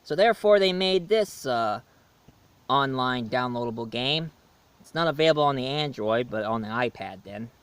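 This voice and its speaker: A man's voice: medium pitch, animated, normal speed, a bit bright, clear, resonant tone. A man from the United States chatting in a rambling way through a casual video review, laughing at his own jokes.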